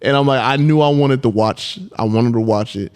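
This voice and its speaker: A man's voice: mid-range voice, a little mellow, clear, resonant tone. A man co-hosting a casual podcast, easygoing, tossing in short reactions and questions. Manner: laid-back, quick reactions and short agreements. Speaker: podcast co-host.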